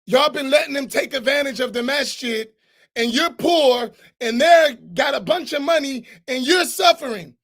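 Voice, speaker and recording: A man with a notably high voice speaks as an imam in a mosque class. He talks bluntly and emphatically, in a loose, colloquial way. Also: normal speed, a bit bright.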